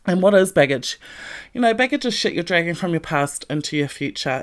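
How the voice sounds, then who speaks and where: A woman giving a motivational talk, blunt and profane, lively and emphatic. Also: low voice. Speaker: motivational podcast host.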